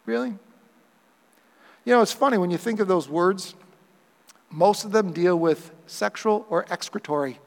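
Male pastor, high voice, lively sermon delivery with playful acted-out asides, long hall reverb. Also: moderate pace, gravelly, pauses often. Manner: animated preaching, acts out quoted voices for humor.

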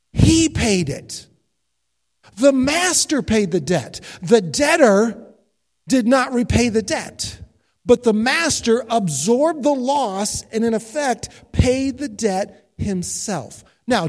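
A pastor preaches a sermon in a fairly high voice. He tells stories and keeps posing questions to his listeners, then answers them himself. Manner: storytelling with rhetorical questions.

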